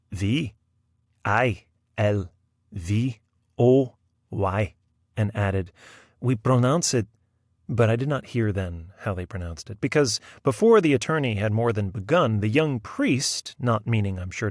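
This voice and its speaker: Brief: low-pitched man narrating fiction, steady and measured, dry sound. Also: no echo. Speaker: audiobook reader. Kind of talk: scripted narration.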